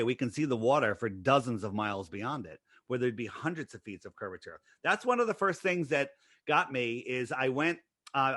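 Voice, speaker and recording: A man as an interview guest, explaining his views in conversation and pressing his points with rapid-fire rhetorical questions. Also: mid-range voice, pushed and bright, no echo, studio quality.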